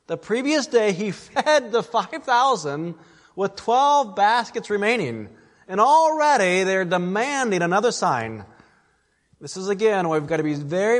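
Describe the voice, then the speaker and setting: A man's voice: high-pitched, big-room sound. A man preaching an expository sermon, earnest and emphatic, often addressing his listeners as friends.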